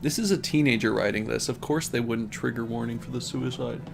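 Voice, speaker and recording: Gravelly-voiced guy streamer reading cringe fanfic out loud, keeps cracking up, faint music under it. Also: mid-range voice, a little fast. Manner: laughs often, breaks off reading to mock the text. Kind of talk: comedic dramatic reading of fan fiction.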